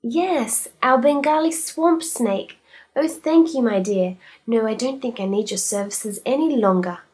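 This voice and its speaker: A woman's voice: a little high, a little slow, a little mellow, slightly rough, pitched above the performer's own voice. A woman voicing a fussy, dramatic plump lady who talks in a breathless, gushing way. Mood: doting.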